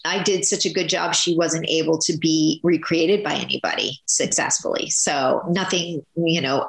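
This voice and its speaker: A woman in her fifties talks in a gravelly, slightly low voice, rambling and animated with many restarts. She is an actress guest in a casual interview. The sound is echoey, as in a bare room. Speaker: soap opera actress guest.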